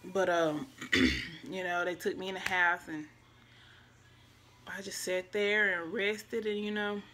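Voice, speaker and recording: A young woman, speaking in a bright, clear voice that sits a little low. She recounts a personal story in a casual, emotional way. Her voice often sinks to a hushed near-whisper, over faint background noise. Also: level tone, slow pace. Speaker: vlogger.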